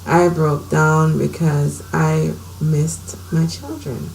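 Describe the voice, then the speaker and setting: A woman's voice: low-pitched, little pitch movement, slow pace, vocal fry, a little mellow, a little hiss or hum, low-quality recording. A middle-aged woman from Saint Croix telling her personal story at home in a candid, conversational way. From Saint Croix, US Virgin Islands. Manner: candid, conversational, emotional retelling. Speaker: vlogger.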